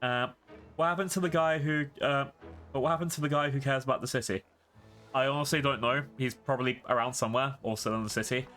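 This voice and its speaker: A man's voice: medium pitch, fairly even intonation, quick pace, pushed and bright, faint music behind. A man streaming a game, chatting casually and rambling to his viewers with frequent laughs. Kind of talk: casual livestream gaming commentary.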